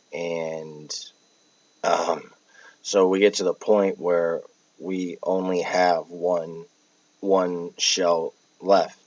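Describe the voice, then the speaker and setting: A man casually telling a dream story, halting with restarts and fillers, often clearing his throat. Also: deep voice, a little mellow, dry recording. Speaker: podcast host telling a dream. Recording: dull lo-fi dry recording.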